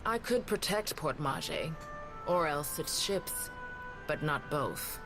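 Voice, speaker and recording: This is a weathered island elder, calm and measured, who weighs every word gravely. Her speech stays level and unhurried, and game music plays clearly underneath. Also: deep voice, heavily acted. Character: calm, weathered older woman tribal leader. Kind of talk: game voice acting.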